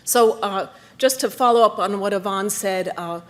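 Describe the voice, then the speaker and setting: A woman giving a brisk conference talk, getting to the point with a few hesitations. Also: mid-range voice. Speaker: conference presenter.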